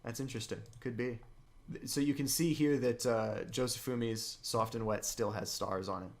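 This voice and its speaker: A man co-hosting a podcast in casual chat, excited, his voice jumping up in pitch when he gets keen. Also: normal speed. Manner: excited, with sudden upward jumps in pitch. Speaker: podcast co-host. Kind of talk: casual chat about a comic.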